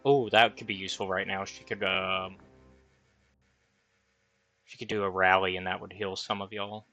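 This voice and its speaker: A man's voice: sits low, little pitch movement, normal speed, sharp tone, highs cut off, faint music behind. A man running a tabletop game as dungeon master, thinking aloud over the rules with fillers.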